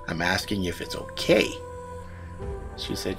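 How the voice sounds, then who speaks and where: A man's voice: sits low, big pitch swings, a little slow, vocal fry, music in the background. A man hosting a live stream, telling a rambling, profane story in casual chat.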